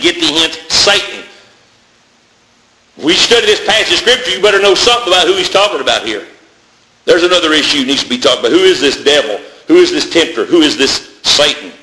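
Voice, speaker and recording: A man's voice: a little high, pushed and bright, slight background noise. A man preaching a sermon, calling his listeners brethren and building long repeated lists, in a church. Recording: echoey room.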